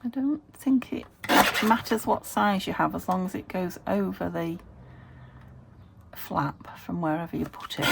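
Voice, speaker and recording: A woman's voice: mid-range voice, expressive, a little slow, vocal fry. A British woman chatting casually as she crafts at her home desk, thinking aloud and laughing at herself while she works. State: recovering from a fever. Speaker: craft vlogger. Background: traffic through an open window.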